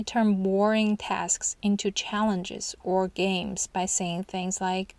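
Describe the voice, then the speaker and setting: Calm woman narrating a parenting lesson, dry. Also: mid-range voice, takes it slowly, hardly any pauses, dry recording. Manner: calm, steady, instructional delivery. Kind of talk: scripted book-summary narration.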